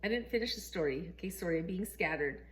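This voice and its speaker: A middle-aged Canadian woman telling a story casually in a vlog, chatty and animated, laughing often and acting out the quotes. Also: lowish voice, quick pace. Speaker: vlogger.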